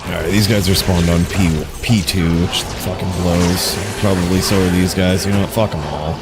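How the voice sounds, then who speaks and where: A man's voice: sits low, fairly even intonation, normal speed, heavy background noise. A man streaming a video game, chatting casually with viewers, laid-back and swearing freely. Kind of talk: casual gaming commentary.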